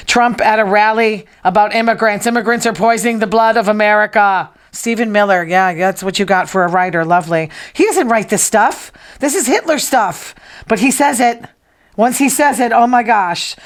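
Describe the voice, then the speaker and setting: Middle-aged woman host, mid-range voice; casual gossip chat, opinionated, tosses teasing asides. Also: medium pitch. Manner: chatty, opinionated, teasing asides to people in the room. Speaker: podcast host.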